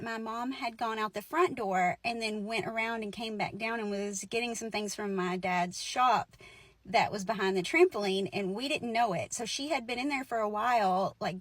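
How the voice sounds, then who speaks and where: A woman's voice: fairly high pitch, fairly bright tone, no room sound. A woman in her forties telling a personal ghost story in a casual, chatty way, laughing now and then and filling her lines with "like" and "right?". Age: 40s.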